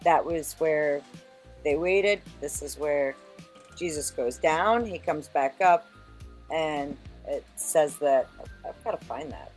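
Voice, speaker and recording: A woman taking part in a casual discussion, unsure and searching for words, quick to make fun of herself. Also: sits low, darkish tone, soft background music. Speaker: discussion participant.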